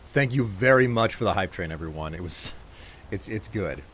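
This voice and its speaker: Playful streamer man, lively low voice. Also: moderate pace, a little hiss or hum. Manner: playful, joking, thanks viewers. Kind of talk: casual live-stream chat.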